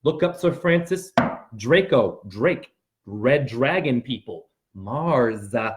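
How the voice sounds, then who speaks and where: A man hosting a rambling motivational monologue, talking straight to his viewers and breaking into sudden yelps and shouts. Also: fairly high pitch. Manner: addresses viewers directly with frequent "right?". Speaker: spiritual video host.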